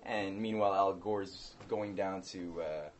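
Male co-host, lowish voice, rambling delivery full of restarts, faint background hiss. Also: steady tone, a little slow. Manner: rambling, hesitant, with many restarts. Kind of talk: casual political chat.

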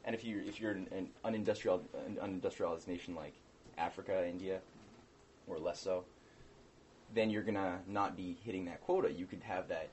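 Rambling low-voiced man in chat. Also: fairly even intonation, a little fast, a little mellow, a little hiss or hum. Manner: rambling, hesitant, with many restarts. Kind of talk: casual political chat.

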